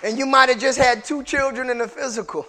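A man preaching a sermon to a congregation, repeating phrases for emphasis and building into shouted call-and-response. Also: extremely high pitch, fairly even intonation, a little fast, some chatter behind.

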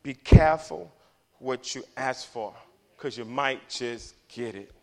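A man preaching a passionate sermon, swinging from low murmurs to loud emphatic declarations. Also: takes it slowly, slight background noise.

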